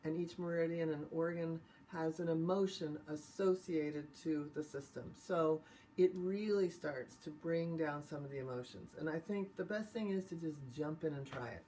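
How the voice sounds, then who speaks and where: Woman calmly guiding a tapping exercise. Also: low-pitched, normal speed, a little hiss or hum. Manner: calm step-by-step guidance. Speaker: tapping instructor.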